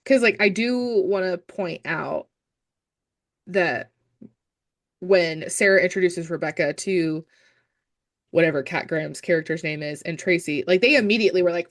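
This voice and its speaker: Blunt, animated young woman podcast co-host. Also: fairly low pitch, normal speed, pauses often. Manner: blunt and profane, animated quoting. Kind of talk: casual chat about a movie.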